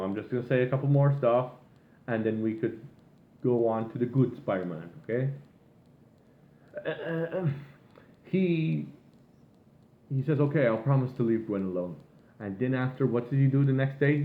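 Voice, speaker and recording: A man's voice: medium pitch, animated, moderate pace, pauses often. A man rambles through a long, profane rant with an exasperated edge. His voice comes through thin and phone-like. It bounces around an echoey room. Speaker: vlogger. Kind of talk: casual rant.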